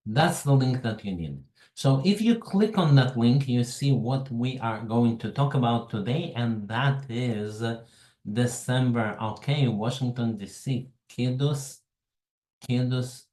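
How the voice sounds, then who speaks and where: A man with a Russian accent hosts a webinar over a computer mic. He talks slowly and haltingly, with a mellow, relaxed tone, in an echoey room. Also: medium pitch. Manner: slow, halting, greets attendees by name. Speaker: webinar host. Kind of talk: casual online presentation.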